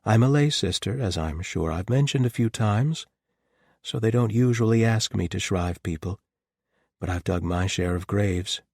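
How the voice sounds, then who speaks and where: A man's voice: on the low side, moderate pace, a little mellow, no echo, studio quality. A man voicing a tall, blunt, good-humored woman lay sister, speaking in wry, teasing banter.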